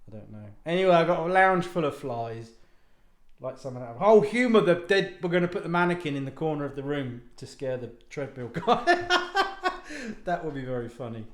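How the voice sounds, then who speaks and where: A man's voice: a little high, expressive, brisk. A man talking casually to viewers at home, rambling off on tangents, mocking himself and swearing now and then. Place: home lounge. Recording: roomy echo.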